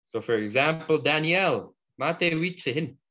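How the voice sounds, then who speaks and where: A man's voice: fairly high pitch, animated, pushed and bright. Patient man teaching a language lesson. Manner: patient, explains slowly with repeated examples. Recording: dull lo-fi audio.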